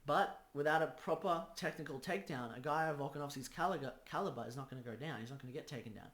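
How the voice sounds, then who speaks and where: A man's voice: on the high side, quick pace, fairly bright tone, echoey room. A man giving a casual fight breakdown, acting out scenarios play by play. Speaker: combat sports analyst.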